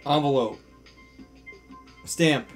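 Slow-talking, deadpan young man. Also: on the high side, faint music behind. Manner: unhurried, deadpan guesses, laughs often. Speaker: gaming channel co-host. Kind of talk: casual gameplay banter.

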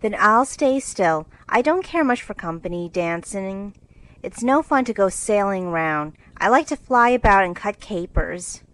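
A bold, careless tomboy of a teenage girl, voiced by a woman reader, blunt and forthright with a louder push than the narration. A storybook figure who cares little for dress. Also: mid-range voice, animated, measured pace, rough recording.

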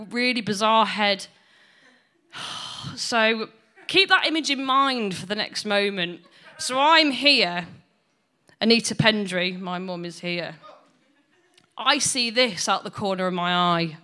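A woman's voice: mid-range voice, bright, forceful tone. A woman doing blunt, sweary, self-mocking stand-up storytelling. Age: 20s. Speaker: stand-up comedian.

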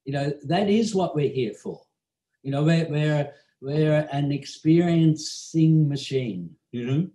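A man's voice: a little high, slow, mellow. A man from Australia, a meditation teacher telling an anecdote in conversation, chuckling often and filling his talk with "you know". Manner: chuckling storyteller with frequent "you know" fillers. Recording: echoey room.

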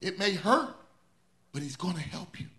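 A male pastor delivers a sermon in a bright, ringing voice, pitched a little high for a man. He preaches with swelling intensity and repeats his refrains over and over. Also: lively intonation, normal speed.

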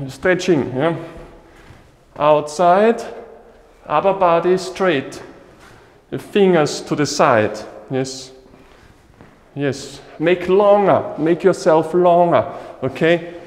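A man leading a qigong class, giving short, slow instructions in simple English, likely a Chinese native speaker. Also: fairly high pitch, a little mellow, big-room sound. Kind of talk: guiding a live class.

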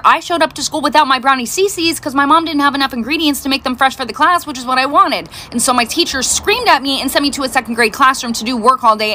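A woman's voice: high voice, pushed and bright. A middle-aged woman telling chatty family stories as a mom, acting out her kids' voices. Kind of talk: casual storytime. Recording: faint background noise.

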